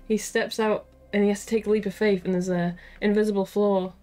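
A woman playing through a gamebook in casual chat, excitable and quick to laugh and swear, with faint music behind. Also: mid-range voice. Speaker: gamebook co-player.

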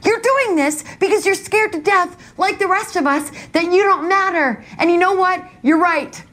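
A young woman who tears into someone with cold, cutting scorn. Her voice sits very high. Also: moderate pace, fairly bright tone. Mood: scornful.

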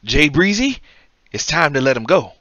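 A man's voice: on the high side, sing-song, moderate pace, sharp tone, no room sound, highs cut off. A man voicing a cocky heavyweight boxer, commentating a game in character with taunting, rhyming trash talk. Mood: scheming. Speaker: gaming commentator.

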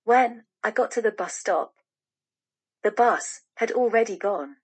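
A woman voicing a big, hungry, polite female bear in a storybook reading, with an apologetic, chatty manner and a husky voice. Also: mid-range voice, measured pace.

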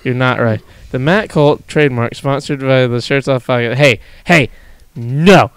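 A man with a medium-pitched, smooth voice hosts a podcast at a measured pace, and the recording is dry. He's a podcast host and streamer chatting casually, joking, laughing often and swearing a lot.

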